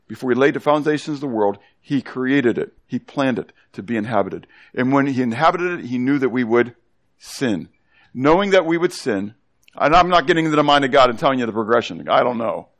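A man teaching a Bible study sermon to a congregation, animated, constantly asking the room questions and coaxing children to join in. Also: mid-range voice, a little fast.

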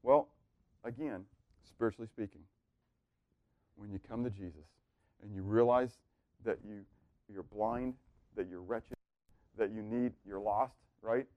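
A man preaching a sermon, asking the room rhetorical questions and swinging from hushed, quiet lines to loud, excited ones. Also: on the low side, measured pace, pauses often, no room sound, dull audio. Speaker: pastor.

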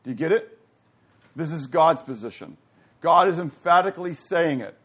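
A man teaching a Bible class, animated and questioning his listeners, rising to loud emphasis. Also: a little high, moderate pace, husky.

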